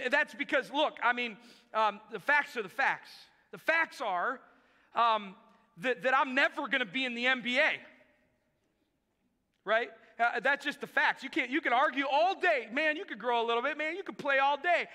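A man preaches a sermon, his voice pitched very high and ringing bright with a forceful edge. He drives his points home by repeating short phrases. A long hall reverb trails every line. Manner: emphatic, repeats key phrases for effect. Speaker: pastor.

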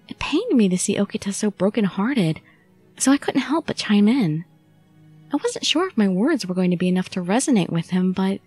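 A woman narrates a visual novel in the first person with a steady storytelling read. Her pitch moves lively through the lines. The sound is dry and close, over faint music. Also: moderate pace, slightly rough, no echo. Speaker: audiobook narrator.

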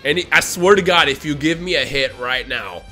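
A man commentating his own mobile game pulls for a video, swinging between low grumbling and shouted, exasperated outbursts. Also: expressive, fairly quick, loud music behind the voice. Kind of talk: gaming vlog commentary.

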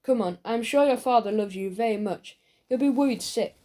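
A woman's voice: a little high, normal speed, warm tone, lightly acted. A woman reading an audiobook, voicing a kind, chatty, scatterbrained middle-aged male shopkeeper. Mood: kindly. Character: kindly cheerful male newsagent, middle-aged.

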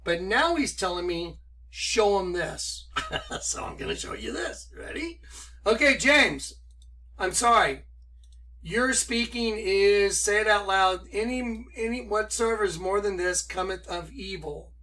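A man preaching excitedly to an online audience, firing rhetorical questions and commenting on a clip. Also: high-pitched, unhurried.

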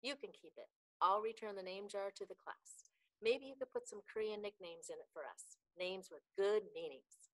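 A woman's voice: medium pitch, moderate pace, natural voice, poor audio. Schoolboy classmate, eager, bashful, read by a woman. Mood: friendly.

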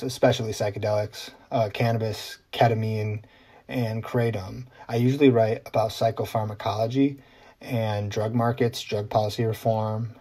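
A man's voice: lowish voice, dark tone, husky. A man hosting his own explainer vlog, talking in a casual, conversational way with frequent ums and side remarks. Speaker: journalist host.

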